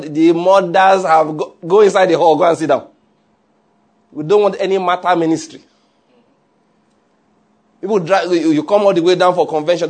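A man preaching a sermon in an animated way, often checking with his listeners. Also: sits high. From Nigeria. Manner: animated, asks the audience often.

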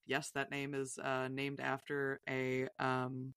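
A woman's voice: rumbling low, monotone, measured pace, fairly bright tone, smooth, no echo, clean studio sound. A woman guest on a podcast, chatting casually in a rambling, self-deprecating way and laughing often. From Virginia, US.

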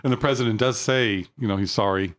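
A man co-hosting a casual chat, explaining his reading of a scene in a measured way. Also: lowish voice, a bit bright. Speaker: podcast co-host.

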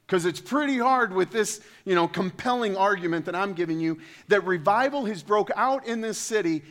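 Animated male preacher, conversational asides. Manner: animated, rises in pitch and volume when quoting scripture. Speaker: pastor. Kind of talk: sermon.

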